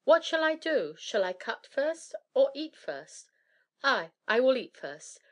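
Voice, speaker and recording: A fretful, weepy young woman from an old storybook, as a woman reader puts her on. She frets in plaintive questions, her voice pitched up noticeably above the reader's own, and she sounds foolish yet earnest. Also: big pitch swings, takes it slowly, full character voice. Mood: musing. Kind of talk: storybook reading.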